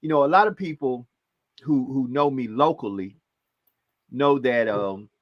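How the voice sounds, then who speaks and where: A man co-hosting a podcast, talking in a calm, measured way. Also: mid-range voice, no echo. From Louisiana. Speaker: podcast co-host. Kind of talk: casual chat. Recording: dull, muffled dry mic.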